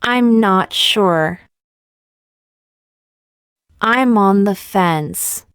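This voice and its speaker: A woman reading short example sentences one by one for English learners, in a slow, deliberate, evenly paced way. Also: mid-range voice, fairly bright tone, clear, resonant tone, dry recording, studio quality. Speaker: English teacher.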